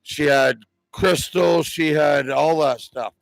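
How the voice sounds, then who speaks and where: Gravelly, rambling American man. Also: on the high side, slow pace, no echo, low-quality recording. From United States. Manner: rambling, earnest. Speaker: moviegoer interviewed on the street. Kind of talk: casual chat.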